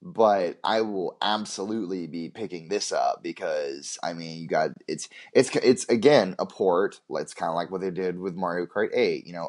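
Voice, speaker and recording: A man's voice: deep voice, normal speed, few pauses, a little mellow. A man co-hosting a casual game podcast, rambling with many restarts and casual swearing. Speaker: podcast co-host. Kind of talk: casual chat.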